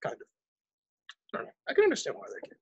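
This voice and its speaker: A student on a video class call, giggly and quick to protest. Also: a little mellow, dull audio.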